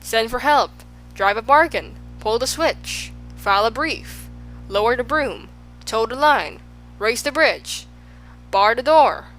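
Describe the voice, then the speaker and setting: Lady reading pompous wordy humbug, fussy and flowery, soft music under it. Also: fairly high pitch, normal speed, lightly acted, poor audio. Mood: excited. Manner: flowery, fussy, agrees with everyone. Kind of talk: audiobook character voice.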